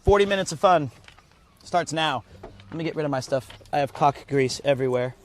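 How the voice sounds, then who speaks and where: A man's voice: a little high, brisk. A man chatting casually in the front seat of a car with a friend, upbeat and enthusiastic, laughing often. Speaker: vlogger traveling with a friend. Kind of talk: casual chat. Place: inside a car.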